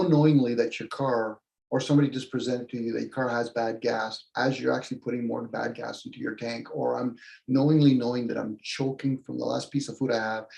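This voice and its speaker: Gravelly man, lively talk-show co-host. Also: mid-range voice, low-quality recording. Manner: animated, acts out quoted dialogue. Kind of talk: casual philosophical chat.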